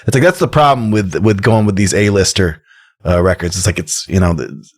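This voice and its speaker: A man co-hosting a podcast, talking with jokey enthusiasm and animated storytelling about a punk band. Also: low voice, fairly quick. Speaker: podcast co-host. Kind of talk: casual record-review chat.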